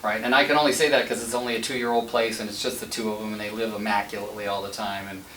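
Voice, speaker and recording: A man's voice: lowish voice, little pitch movement, very fast, bright, forceful tone. A man who leads a real estate team, giving a casual sales training talk and telling anecdotes with quoted dialogue. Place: office meeting room, filmed. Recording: roomy sound from a distant mic, faint noise.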